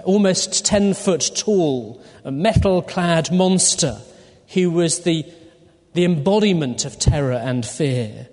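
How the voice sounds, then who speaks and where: A man preaching a sermon through a Bible passage, deliberate and full of rhetorical questions to his listeners. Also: a little high, darkish tone. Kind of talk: expository sermon. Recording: long hall reverb.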